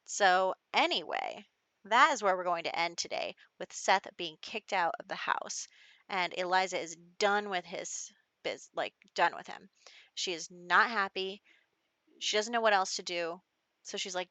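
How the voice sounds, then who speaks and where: A woman's voice: mid-range voice, moderate pace, bright, forceful tone, no room sound. A young woman hosting a casual life-simulation let's-play, chatty and a bit exasperated as she rambles through her commentary. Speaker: gaming channel host.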